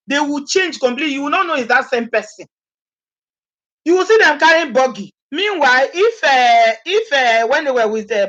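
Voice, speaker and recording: In dull-sounding audio, a woman with a fairly high pitch and a Nigerian accent talks casually to her live viewers. This Nigerian vlogger is animated, laughs often and acts out what people have said.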